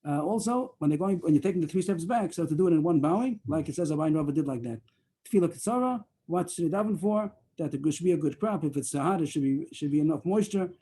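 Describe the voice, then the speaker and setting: A man leads a Talmud study session over a video call. He talks quickly in a mellow, darkish voice and keeps restarting his sentences. He is a bit higher pitched than most men. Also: lively intonation, a little hiss or hum. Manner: rambling, halting explanation with many fillers and restarts. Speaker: Talmud class leader.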